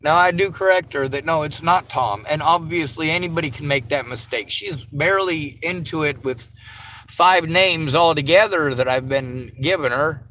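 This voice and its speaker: A man's voice: fairly high pitch, moderate pace, bright, forceful tone, a little hiss or hum, low-quality recording. Man ranting in frustration. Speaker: vlogger. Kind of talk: venting commentary.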